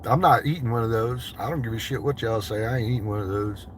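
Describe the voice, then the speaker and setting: American guy streaming from his car, cussing and joking with chat, mid-pitch voice, a little background hum. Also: quick pace. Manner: loose, profane, joking banter. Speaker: livestreamer chatting with viewers. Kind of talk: casual livestream chat.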